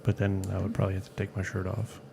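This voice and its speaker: A man's voice: low voice, monotone, fast talker, vocal fry, warm tone, a little hiss or hum. A man helping off camera in a home studio, joking in an offhand way from away from the mic. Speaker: off-camera helper, her husband.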